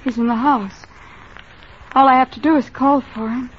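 An actress playing a shy young woman who minds a small-town gas station, talking gently and earnestly, in old-time radio acting on a dull old broadcast recording. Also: high voice, fairly even intonation, normal speed, slightly rough. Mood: gentle.

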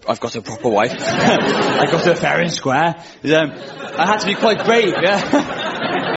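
A man's voice: on the high side, heavy background noise. A man hosting a comedy show, rambling and self-deprecating and laughing between his lines in front of a live audience. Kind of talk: stand-up monologue for a live radio audience. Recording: dull radio recording with loud audience.

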